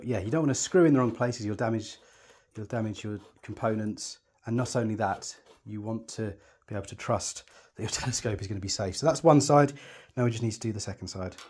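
A telescope tutorial presenter walks through the setup step by step while working, chatty and reassuring and often thinking aloud. His voice is fairly low-pitched with a darkish tone.

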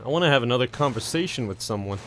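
A man's voice: mid-range voice, lively intonation, very fast, soft background music. A young Irish man giving comedic, sarcastic commentary while playing a video game, laughing at what he sees. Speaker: gaming YouTuber.

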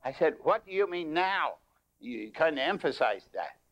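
Folksy older preacher with a gravelly voice. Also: male voice, sing-song, normal speed, a bit bright. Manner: folksy, rises in pitch when telling stories. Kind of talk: sermon with storytelling. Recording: dull lo-fi tape.

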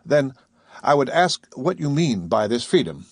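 An earnest, formal professor pleads his case politely, as a man reads him in an audiobook. The tone is slightly husky and dry. The pitch is middling. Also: big pitch swings, measured pace, darkish tone, dry recording, full character voice. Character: earnest male professor, captive and indignant. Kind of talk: audiobook character reading.

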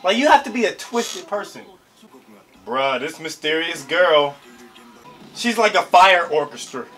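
A young man hosting an anime reaction, chatting casually in slang and breaking into excited shouts. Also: a little high, a little slow, faint music behind.

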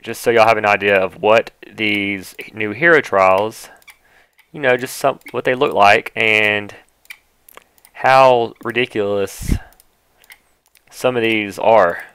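Excitable man with a smooth low voice. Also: no room sound. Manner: excitable and exclamatory, quick to mock and laugh. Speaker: gaming YouTuber. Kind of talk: casual gameplay commentary.

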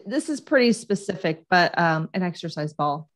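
A woman's voice: on the low side, animated, normal speed. A woman co-hosting a casual chat show, teasingly reading out quiz questions and scoring her partner's guesses. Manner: playful, teasing, reads out game questions. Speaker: co-host running a quiz game.

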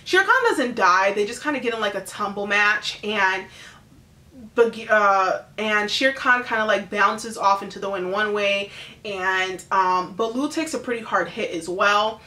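In an echoey room, a woman with a mid-range voice casually recaps a film she's just watched. Her talk is chatty and filler-heavy, and she briefly acts out characters with lively impressions.

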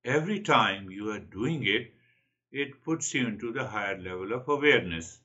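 A man's voice: fairly low pitch, expressive, normal speed, bright, forceful tone, muffled recording. A man giving a spiritual talk, earnest and repeating his key phrases. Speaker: spiritual teacher.

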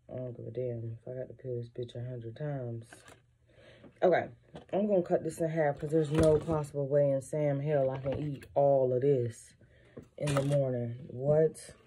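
A woman vlogging casually from her home kitchen, chatty and blunt, swearing freely and talking straight to her viewers. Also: extremely low pitch. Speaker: lifestyle vlogger. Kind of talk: casual morning chat to viewers. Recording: home recording with noisy background.

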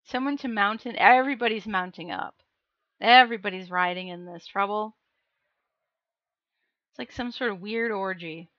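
A woman's voice: medium pitch, moderate pace, long pauses, no echo, muffled recording. A woman reading a novel aloud on a livestream, breaking off for jokey chats with her viewers. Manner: jokey, chatty asides to chat. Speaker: livestream book reader.

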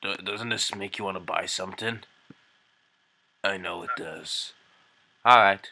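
A man's voice: sits low, sharp tone. A man hosting a casual video, chatting and teasing in a playful way. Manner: playful, teasing, quick asides. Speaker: channel host. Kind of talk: casual joking chat.

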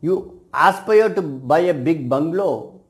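This man lectures on cosmetic science in a reflective video for his students, his measured phrasing often ending in "right?". His pitch is fairly high and his delivery expressive.

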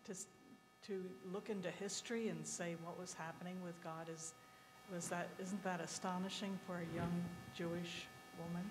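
A woman with a fairly low voice asks a question from the audience, hesitant and wondering. The sound is reverberant, as in a large hall, with clear room noise behind her. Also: fairly even intonation, normal speed. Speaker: audience member asking a question.

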